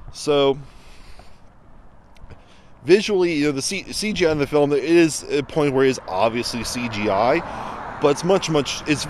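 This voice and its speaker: A man's voice: medium pitch, a little hiss or hum. A man giving a casual, rambling spoken review outdoors beside a road, full of fillers and restarts. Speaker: film reviewer. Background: passing vehicles.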